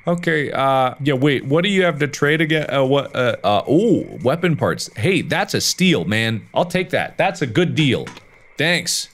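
A man hosting a horror game playthrough, talking casually and swinging from low mumbles to panicked yelps. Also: very animated, unhurried, fairly bright tone. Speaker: gaming video host.

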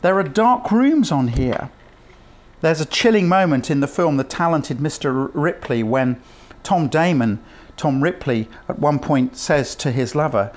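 A man's voice: a little high, expressive, unhurried. A man preaching a sermon in an earnest, emphatic way, asking his listeners rhetorical questions.

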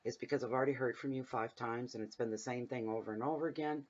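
A man doing a casual tarot reading from his home at night, rambling and chatty as he drifts off into side stories. His voice sits at an everyday middle pitch, and the recording sounds a bit dull and lo-fi. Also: fairly even intonation, quick pace. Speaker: tarot reader. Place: home room at night, windows open.

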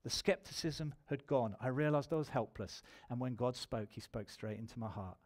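A man's voice: medium pitch, normal speed, darkish tone. A man preaching a sermon in church, telling his own testimony and building to emphatic appeals.

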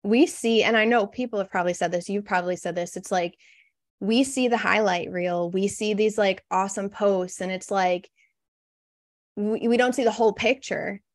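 A woman's voice: mid-range voice, moderate pace, no room sound, studio quality. A woman copywriter as a podcast guest in casual interview chat, frank and reflective, with many "you know" fillers.

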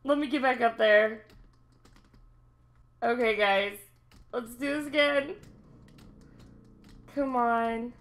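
Young woman, gaming host; excitable self-talk commentary, unhurried delivery. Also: a little high. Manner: excitable, talks to herself, laughs often. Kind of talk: let's-play commentary.

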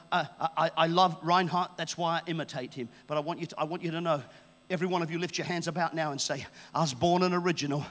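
A man from England in his fifties preaches with fervour, driving home repeated phrases for the congregation to echo. His voice sits high and rings bright and forceful. The sound carries a long church-hall reverb over a faint electrical hum. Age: 50s. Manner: fervent, repetitive call-and-response preaching. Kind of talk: sermon.

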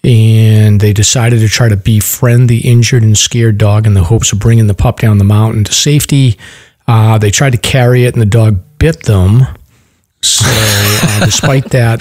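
A man hosting a casual podcast, reading news stories aloud in a loose, relaxed way. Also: on the low side, no room sound, clean studio sound. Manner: relaxed, loose delivery with fillers. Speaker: podcast host.

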